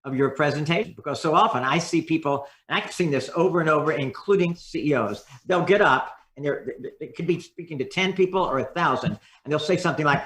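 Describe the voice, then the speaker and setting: A man in a podcast interview, coaching on how to speak. His voice sits a little high and turns expressive as he acts out different tones. The recording has a roomy echo around him. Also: fairly quick, hardly any pauses. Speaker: communication coach and guest.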